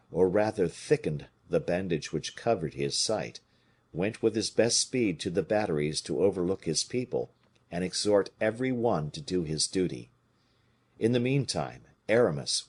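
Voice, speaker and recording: A man reading a classic novel aloud as an audiobook narrator, in a lively, expressive way. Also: low-pitched, breathy edge. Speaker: audiobook reader.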